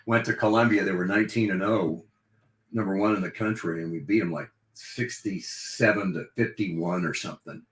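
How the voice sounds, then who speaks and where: A man's voice: low voice, normal speed. An older man, a veteran radio broadcaster, reminiscing in a casual podcast interview and rambling with restarts. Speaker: guest, longtime radio play-by-play broadcaster. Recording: echoey room.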